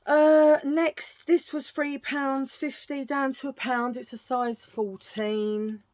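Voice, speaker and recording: A woman's voice: high-pitched, little pitch movement, slow pace, a little mellow, dry recording. Woman, rambling and gushing, dry sound at home. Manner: gushing, chatty, rambling with restarts. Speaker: vlogger showing a thrift haul. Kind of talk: casual chatty haul video.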